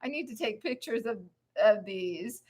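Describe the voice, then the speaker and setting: Upbeat middle-aged woman live-stream host, slow unhurried delivery, slightly winded from jogging. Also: on the high side, expressive, darkish tone. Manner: enthusiastic, cheering, laughing often. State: out of breath. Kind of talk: upbeat motivational live chat.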